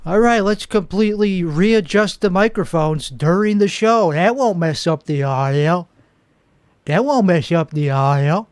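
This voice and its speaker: A male comedy show host plays a self-important, clueless would-be politician in a comic monologue, rambling, boasting and stumbling over his restarts. His voice is high-pitched and unhurried, recorded with two microphones and no echo.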